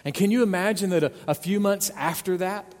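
A man's voice: high voice, fairly quick, darkish tone, big-room sound. A man preaching a sermon as pastor, earnest and pleading, stressing points by repeating words. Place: church sanctuary.

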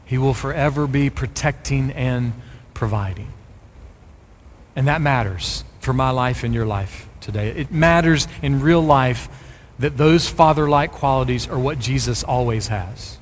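A middle-aged man preaching a sermon as a pastor, speaking with rising, forceful emphasis on key phrases. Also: mid-range voice, unhurried, big-room sound, a little hiss or hum.

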